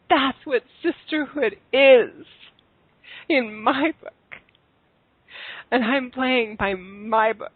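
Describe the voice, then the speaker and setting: A woman hosting a call-in spiritual talk show. She pours out praise and affection for her callers, and her voice sits a little high. The sound is dry and tinny, like a phone line. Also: slow, long pauses, slightly rough, no echo. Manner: effusive, warm and affectionate with callers. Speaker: podcast host.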